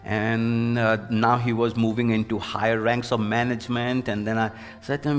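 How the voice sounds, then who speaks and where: A man with a fairly low voice tells an earnest, anecdotal story about his working life, his delivery turning animated when he quotes other people. His speech rings with a long reverb, and faint music plays underneath. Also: a little fast. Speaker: former university president, leadership speaker. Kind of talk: storytelling in an interview.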